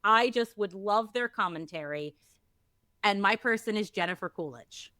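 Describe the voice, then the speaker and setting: Bright-voiced, upbeat woman podcast host. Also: medium pitch, expressive, normal speed, no room sound. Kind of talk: casual podcast banter.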